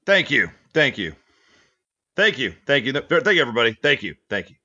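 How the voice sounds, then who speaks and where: A man's voice: mid-range voice, big pitch swings, brisk, pushed and bright, slightly rough, lo-fi sound. A man co-hosting a comedy show, narrating and bantering in a pompous, self-important manner. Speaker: co-host.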